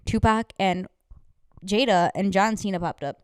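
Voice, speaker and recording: A young woman chats on a podcast in a smooth, clear voice, bubbly and quick to laugh. Her speech is animated and full of "like", and the sound is close and dry, with no room around it. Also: mid-range voice, dry recording. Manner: laughs often, animated, says "like" a lot. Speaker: podcast co-host. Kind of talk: casual chat.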